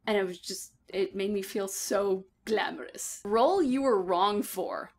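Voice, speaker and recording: A woman's voice: medium pitch, unhurried, breathy edge. A woman voice actor hosting her own video, chatting in an exuberant, gushing, playful way about roles she has played. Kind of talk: bubbly casual vlog chat.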